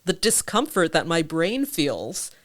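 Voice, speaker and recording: Low, lively woman podcast host. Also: a little slow, no echo. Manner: laughs often, animated. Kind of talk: casual podcast chat.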